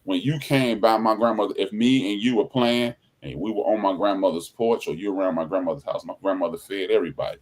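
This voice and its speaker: A man hosting a podcast in casual chat, telling stories in an animated way and acting out the people he quotes. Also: on the low side, quick pace, hardly any pauses. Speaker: podcast host.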